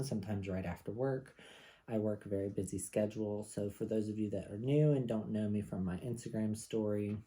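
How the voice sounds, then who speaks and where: A man's voice: on the low side, warm tone. A man in his mid-thirties reviewing fragrances in casual, rambling home-studio chat with frequent asides. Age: 30s.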